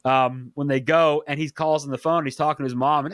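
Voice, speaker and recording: Walking listeners through a film, this male podcast host speaks fairly quickly and gets animated, performing quoted lines with sharp pitch leaps. The sound is dry and studio-clean.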